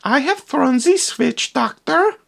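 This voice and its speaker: A man doing a high flirty female assistant. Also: lively intonation, slow, vocal fry, a bit bright, full character voice.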